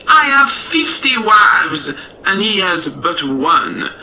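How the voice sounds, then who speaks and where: A man's voice: high voice, big pitch swings, slow pace, sharp tone, a little hiss or hum, exaggerated voice, poor audio. A man voicing a proud, boastful farmyard cockerel in a storybook reading. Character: proud strutting male cockerel.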